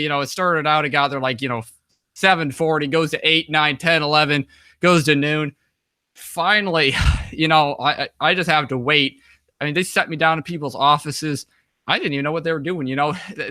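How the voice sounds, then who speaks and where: Bright-voiced young American man rambling. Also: a little high, no echo, studio quality. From United States. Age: young adult. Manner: rambling, with many fillers and restarts; acts out quoted dialogue in conversation. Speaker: interview guest. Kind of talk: casual storytelling.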